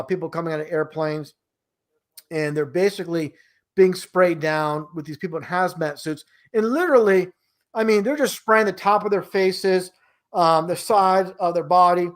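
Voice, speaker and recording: A man talking casually and at length, rambling with many restarts and an incredulous tone. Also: a little high. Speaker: guest. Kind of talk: casual conversation.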